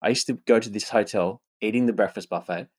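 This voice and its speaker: Energetic low-voiced man hyping an event. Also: fast. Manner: energetic, repetitive, peppered with swearing and "right?". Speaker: event host and rapper. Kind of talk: excited casual monologue.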